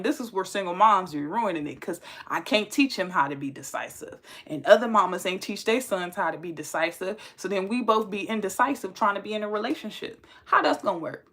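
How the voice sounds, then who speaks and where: Young woman host, bright lively voice, casual storytelling. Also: medium pitch, moderate pace. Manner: animated, laughing, slangy. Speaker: host telling a dating story.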